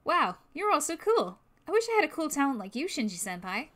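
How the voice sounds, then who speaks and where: A woman voicing an excitable, sweet young boy who talks in a bubbly, eager way. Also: sits high, quick pace. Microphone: new microphone.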